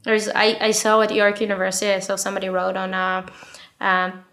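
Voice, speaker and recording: A woman with a gravelly, creaky edge in her mid-pitched voice, talking as a guest in relaxed conversation. She speaks bluntly and swears freely, piling up fillers and restarting her sentences as her opinions run ahead of her. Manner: talks fast with many fillers and restarts. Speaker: guest author. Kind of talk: casual chat.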